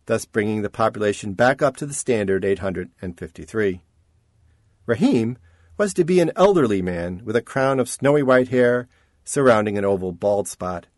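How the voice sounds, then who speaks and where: This is a man's scripted audiobook narration, delivered with measured, expressive storytelling. He speaks at a medium pitch, and the studio sound is clean with no echo.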